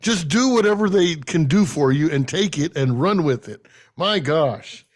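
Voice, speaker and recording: A man's voice: on the high side, expressive, unhurried. A man in his thirties, a podcast co-host, ranting and joking with lots of swearing in casual sports betting chat.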